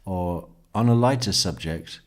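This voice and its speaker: Male true crime commentator, slow and deliberate, low voice, sardonic with lots of laughter. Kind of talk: reading testimony aloud with commentary.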